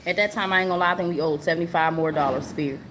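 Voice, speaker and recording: Earnest low-voiced woman telling a story. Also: rapid-fire. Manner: earnest and repetitive, often asks the listener "you know what I'm saying?". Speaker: live stream host. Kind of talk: casual personal storytelling. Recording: noticeable background noise.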